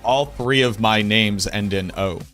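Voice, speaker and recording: A chatty man with a Boston accent hosts a casual livestream, greeting viewers and answering their messages in a playful way. His voice sits fairly low, with soft music playing faintly behind him. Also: unhurried. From Boston, United States. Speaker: game streamer.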